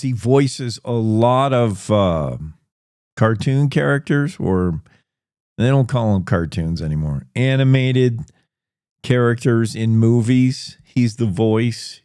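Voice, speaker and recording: Slow, rambling male talk-show host. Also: medium pitch, warm tone, clean tone, no room sound, clean studio sound. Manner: rambling, chatty, thinks aloud with restarts. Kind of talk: casual news chat.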